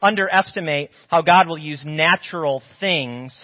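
A man preaching a sermon as pastor, telling a Bible story with animated, acted-out voices. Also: a little high, moderate pace. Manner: animated storytelling, acts out biblical figures' voices. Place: church sanctuary. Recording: muffled audio in a reverberant church.

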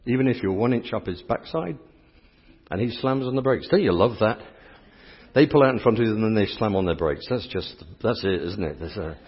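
Husky English priest in a reverberant church. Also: male voice, fairly low pitch, lively intonation, brisk. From England. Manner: playful, teasing, chatty with the congregation. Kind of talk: interactive sermon with volunteers. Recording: dull lo-fi sound with long church reverb.

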